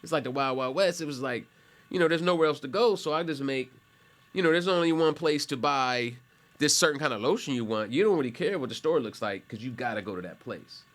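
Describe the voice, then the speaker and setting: A man's voice: medium pitch, expressive, a little fast. Male instructor, offhand and chatty, talking through a screen demo with frequent asides. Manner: conversational and rambling, with self-corrections and asides. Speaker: college instructor. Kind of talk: casual classroom explanation while screen sharing.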